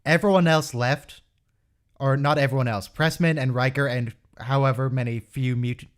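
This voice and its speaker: A man in casual conversation, eagerly walking his friends through a story step by step. His voice sits at a middle pitch. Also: fairly even intonation, moderate pace. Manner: storytelling, explains plot eagerly. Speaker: watch-along participant. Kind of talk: casual group chat.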